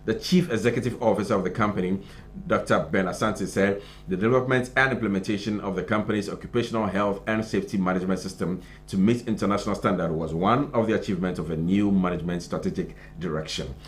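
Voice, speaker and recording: A man with a Ghanaian accent, co-hosting a live morning show, reading and chatting over the news in a relaxed way with fillers. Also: sits low, fast talker, slight background noise. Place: TV studio.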